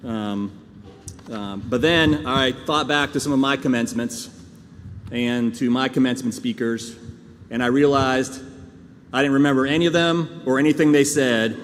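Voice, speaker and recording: A man's voice: mid-range voice, normal speed. A man giving a commencement speech to graduates, earnest and folksy, with jokes and asides to the crowd. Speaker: commencement speaker. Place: large ceremony hall. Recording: reverberant hall sound with faint background noise.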